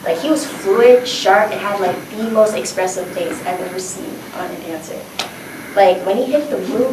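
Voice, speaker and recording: A woman's voice: mid-range voice, animated, moderate pace. A woman telling a self-mocking comic story on stage, chatty and full of fillers. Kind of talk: live comedic storytelling. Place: stage before a live audience. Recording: echoey and distant, noisy.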